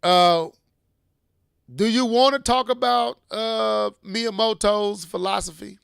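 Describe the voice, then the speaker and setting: A high-pitched man riffs on video games on a podcast, excitable and playful, his speech loose and slangy. His voice sits high for a man and is recorded dry and close, with no room sound around it. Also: slow, gravelly, clean tone, dry recording. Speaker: podcast co-host. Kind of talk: casual gaming chat.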